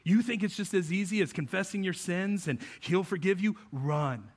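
A man voicing an accusing evil spirit in a low, hushed, taunting tone. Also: normal speed.

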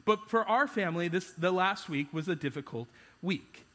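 A man's voice: sits high, lively intonation, moderate pace, a bit bright, big-room sound. A man preaching a sermon as pastor, conversational and self-deprecating, often restarting his sentences.

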